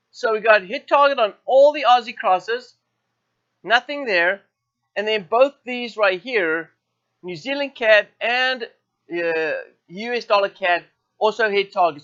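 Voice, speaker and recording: High bright man walking through trades. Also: muffled recording. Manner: thinks aloud with many fillers and self-corrections. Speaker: forex trading show host. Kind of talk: live market walkthrough.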